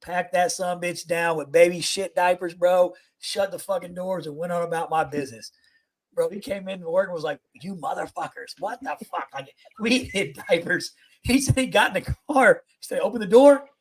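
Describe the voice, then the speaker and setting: Loud, profane storytelling man. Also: sits high, moderate pace. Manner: animated, swears constantly. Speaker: podcast co-host, Navy veteran.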